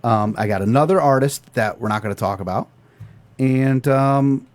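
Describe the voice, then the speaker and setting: A man's voice: mid-range voice, moderate pace. A man hosting a podcast in casual chat, loose and joking, swearing freely. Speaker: podcast host.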